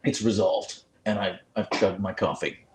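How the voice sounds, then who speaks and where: A man's voice: sits low, moderate pace, darkish tone, slight background noise. A man hosting a casual livestream from his phone, chatting and reading viewer comments aloud. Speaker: livestream host. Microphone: phone with clip-on mic.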